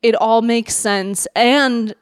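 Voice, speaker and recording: A woman with a fairly high voice tells her story to a podcast host in an animated way and laughs often. The sound is dry and close to the mic. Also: takes it slowly, smooth, no echo. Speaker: podcast guest. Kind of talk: casual podcast chat.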